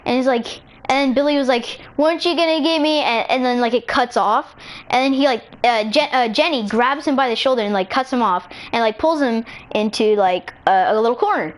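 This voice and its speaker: A woman spins a made-up tale in a casual, rambling way, piling up "so then" and restarting her sentences. Her voice sits fairly high, and she pops into quick little voices for each character. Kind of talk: casual storytelling while gaming.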